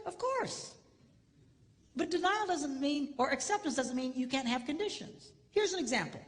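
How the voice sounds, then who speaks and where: Lively older man speaking in a hall. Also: very high-pitched, normal speed. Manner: animated, swings between loud and hushed, acts out voices. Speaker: marriage seminar speaker. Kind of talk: humorous live seminar talk. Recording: long hall reverb, faint background noise.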